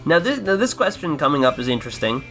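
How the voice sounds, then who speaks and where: A man's voice: on the high side, very animated, fast, a bit bright, faint music behind. A man with an American accent hosting a casual commentary podcast, rambling and sarcastic, swearing a lot and restarting his sentences. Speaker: podcast host.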